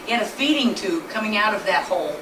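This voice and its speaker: A woman's voice: medium pitch, expressive, quick pace. A woman telling her husband's illness story in an earnest, plainly spoken way, speaking from a distance in a noisy, echoey room. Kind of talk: personal storytelling presentation.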